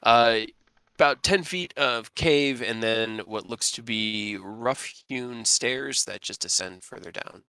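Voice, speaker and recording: A man runs a tabletop game and describes scenes in a casual, rambling way, with lots of restarts. His voice is bright and smooth. The sound is dry and close to the mic. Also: medium pitch, slow pace, no echo. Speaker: game master.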